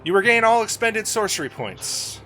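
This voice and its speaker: A man's voice: sits high, sing-song, normal speed, loud music behind the voice. A man narrating as game master for a tabletop role-playing game, talking casually and often restarting his sentences.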